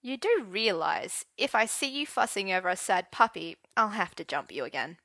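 A woman's voice: medium pitch, animated, normal speed, sharp tone, no room sound. A woman voicing a smug young man who teases playfully. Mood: teasing. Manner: teasing.

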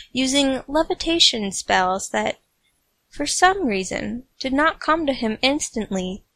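A woman's voice: on the high side, creaky, a bit bright, no echo. A woman narrating a comic fan fiction story with playful, snarky asides.

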